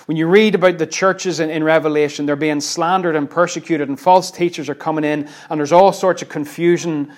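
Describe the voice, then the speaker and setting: A man's voice: fairly high pitch, fairly even intonation, a little fast, hardly any pauses. A man preaching a sermon, earnest and questioning, often repeating his words for emphasis. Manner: earnest, with rhetorical questions and repetitions.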